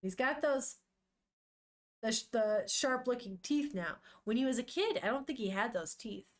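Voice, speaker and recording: Animated young woman streamer reading manga. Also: fairly high pitch, normal speed. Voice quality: animated, swears freely, laughs often. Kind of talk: casual live-stream chat and reading.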